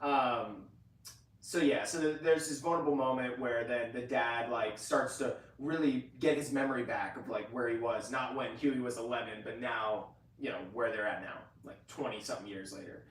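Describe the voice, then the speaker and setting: A man's voice: mid-range voice, normal speed, few pauses, distant mic, slight background noise. A man with a mid-range voice recaps scenes in a loose, rambling way, full of fillers and the odd curse. He sits away from the mic in an echoey room. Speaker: podcast co-host. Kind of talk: casual review chat.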